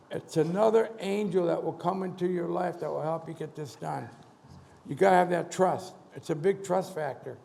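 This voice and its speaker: A man's voice: sits high, vocal fry. A man in his seventies, a motivational speaker telling a story on stage and acting out the dialogue with animation. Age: 70s. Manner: animated, acts out dialogue in quotes. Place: conference hall stage. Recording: large hall reverb.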